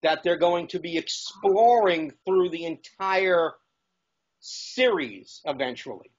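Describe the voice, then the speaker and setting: A man's voice: high voice, lively intonation, takes it slowly, highs cut off. A man speaking as a talk show guest in casual chat, eager and rambling with frequent restarts.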